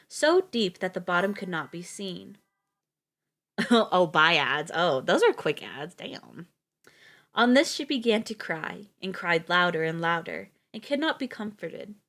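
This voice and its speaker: A woman's voice: fairly low pitch, a bit bright. A young woman reading a fairy tale on a live stream, laughing often and stopping for casual asides.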